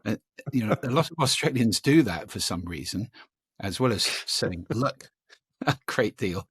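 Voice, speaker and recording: A man being interviewed about voice and listening, talking in an animated, demonstrative way and trying out vocal examples as he explains. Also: lowish voice, normal speed, dry recording. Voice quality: gravelly, husky. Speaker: guest, speaker on voice and listening.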